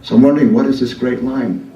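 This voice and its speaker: A man's voice: medium pitch, fairly even intonation, fast, dark tone, muffled recording, a little hiss or hum. A man in his seventies doing a profane, rambling comic monologue on a live club stage, full of restarts. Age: 70s. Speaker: performance artist. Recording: roomy live club sound, distant mic.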